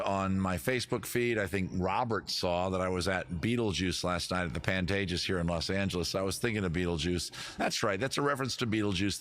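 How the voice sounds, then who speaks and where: A man's voice: deep voice, a bit bright, slight background noise. A man hosting a casual livestream quiz, rambling with jokey, self-deprecating asides. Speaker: comedy show host running a quiz.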